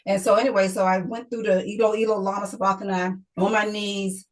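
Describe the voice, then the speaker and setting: Woman, middle-aged, interview guest, emotional storytelling, repeats phrases, mid pitch. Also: level tone, fairly quick, poor audio. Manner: emotional, repeating herself, quoting others. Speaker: guest, author.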